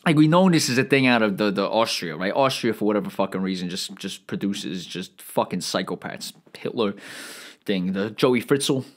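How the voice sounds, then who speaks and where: A man's voice: fairly low pitch, lively intonation, moderate pace. A man hosting a podcast, talking in a rambling, profane comedic monologue, full of restarts and stammers, who says he feels bloated and irritable. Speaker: podcast host.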